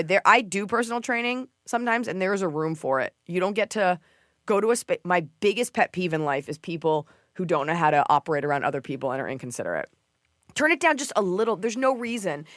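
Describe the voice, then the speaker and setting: A woman's voice: medium pitch, no room sound. Woman hosting a comedy podcast, chatty, acts out quotes, cusses a lot, dry studio sound. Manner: animated storytelling, acts out quotes, swears freely. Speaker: podcast host. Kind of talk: casual comedic chat.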